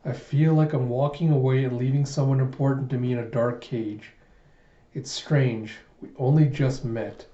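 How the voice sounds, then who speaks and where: A man reading aloud as a young princess, in a soft, earnest way, on a dull, roomy home recording. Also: medium pitch, fairly even intonation, moderate pace, natural voice. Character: young princess, gentle and determined.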